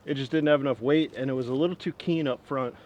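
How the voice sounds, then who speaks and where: A man's voice: fast talker, a little mellow, muffled recording. A young man in his twenties chatting casually outdoors as he works with an old axe, rambling and poking fun at himself. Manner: rambling, self-mocking, chuckles often. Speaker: woodworking vlogger. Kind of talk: casual outdoor demo chat. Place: outdoors in the wind. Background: wind rumble.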